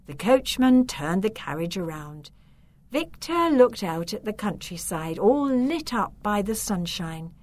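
A woman narrating a children's story in a measured, expressive way. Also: medium pitch.

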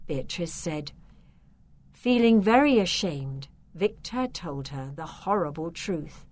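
Woman, storybook narration, slow, lively pitch, measured.

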